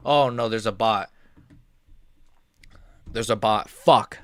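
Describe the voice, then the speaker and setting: A man's voice: lowish voice, slow pace, a bit bright, no room sound. Casual, profane man reacting to a fight. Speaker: live stream host. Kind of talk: live fight reaction stream.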